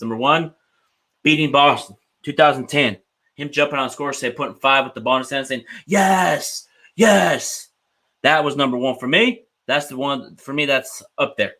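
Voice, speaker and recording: A man hosts a relaxed sports podcast in a voice of middling pitch. He speaks emotionally and repeats himself, tacking "man" onto the end of nearly every phrase. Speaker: podcast host. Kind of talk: casual podcast chat.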